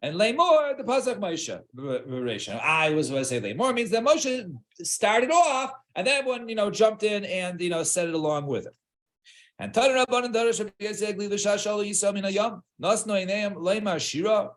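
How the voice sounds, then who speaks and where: A man's voice: high voice, big pitch swings, a bit bright. A man leading a Talmud study class, restarting often, checking with "right?", and mixing Hebrew and Aramaic terms into English. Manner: halting, many restarts and fillers, checks with "right?".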